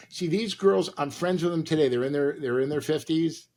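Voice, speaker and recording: A man, an actor and comedian, telling lively stories as a podcast guest and acting out the people in them. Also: on the high side, moderate pace. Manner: lively, acts out voices in his stories. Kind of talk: animated storytelling.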